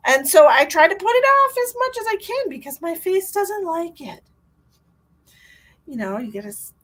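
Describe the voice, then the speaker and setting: A middle-aged woman chats casually with viewers on her live psychic stream, rambling from one thought to the next. Her voice sits at an ordinary pitch for a woman. She swings between loud, emphatic bursts and soft, near-whispered asides. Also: slight background noise.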